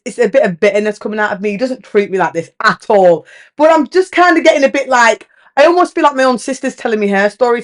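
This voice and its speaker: A woman, hosting a podcast and talking candidly in a casual monologue, animated and blunt, swearing freely and acting out quoted dialogue. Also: sits high. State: tearful in places. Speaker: podcast host.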